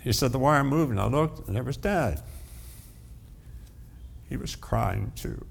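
An older man, a pastor, delivering an earnest sermon with dramatic pauses, telling stories and then praying. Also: medium pitch, lively intonation, creaky, a little hiss or hum.

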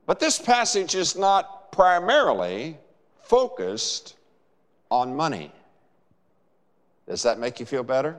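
A man preaching a sermon in a measured, emphatic way, with dramatic pauses. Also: on the high side, big pitch swings. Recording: long hall reverb.

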